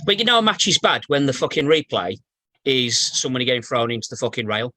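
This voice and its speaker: Bloke, bright voice, lively pitch, blunt and sweary. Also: male voice, quick pace, dry recording. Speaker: podcast co-host. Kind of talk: casual chat.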